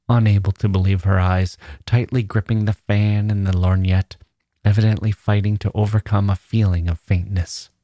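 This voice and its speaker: Deep, dark-voiced male story narrator. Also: breathy edge, no echo, clean studio sound. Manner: measured, drops to a soft whisper at tender moments. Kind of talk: audiobook reading of a classic story.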